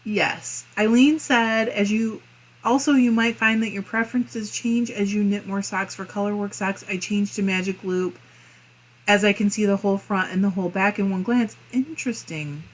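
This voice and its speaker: Midwestern woman host, mid-pitched voice, casual and chatty as she reads viewer comments aloud on a live crafting stream. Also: normal speed, rough recording. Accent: Midwestern American. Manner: chatty and friendly, muses aloud with small laughs.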